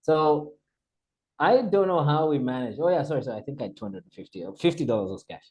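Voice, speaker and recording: A man's voice: a little high, fast, poor audio. A man in his forties from Zambia, telling stories as a podcast guest, acting out dialogue and laughing often. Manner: animated storyteller, acts out dialogue, laughs often. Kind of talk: casual storytelling interview.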